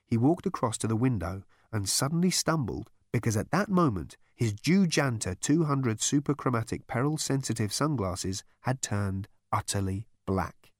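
A man narrating an audiobook in an expressive storytelling manner. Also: medium pitch, moderate pace, hardly any pauses, no echo, studio quality. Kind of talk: scripted narration.

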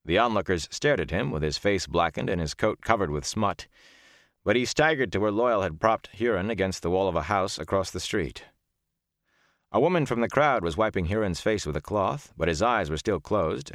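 A man narrating a fantasy audiobook in steady, descriptive storytelling. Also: deep voice, moderate pace, no echo, studio quality. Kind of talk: scripted narration.

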